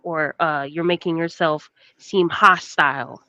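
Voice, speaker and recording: A woman's voice: deep voice, steady tone, a little slow, pushed and bright, no echo, highs cut off. A woman in a heated casual debate, pointed and trying to steer the talk. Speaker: panelist.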